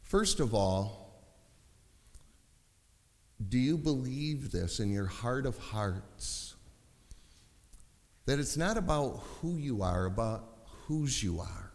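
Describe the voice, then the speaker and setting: A man preaching a sermon, passionate and building to shouts at times. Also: medium pitch, animated, slow, long pauses. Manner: impassioned, rising to shouting. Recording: long hall reverb.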